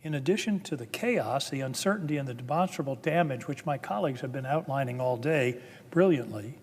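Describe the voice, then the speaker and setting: A man's voice: medium pitch, animated, brisk, darkish tone. A man, a senator, giving a formal floor speech with earnest, building emphasis. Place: legislative chamber. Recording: long reverb of a large chamber.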